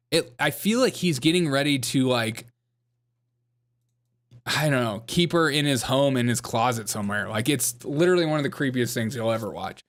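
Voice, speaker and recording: A man hosting a comedic commentary livestream, joking, laughing often and reading out the chat. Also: mid-range voice. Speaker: livestream host.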